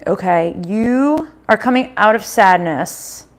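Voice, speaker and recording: A woman's voice: mid-range voice, lively intonation, takes it slowly, a little hiss or hum. A middle-aged woman giving a casual live-stream tarot reading from home, chatty, swearing now and then and laughing often.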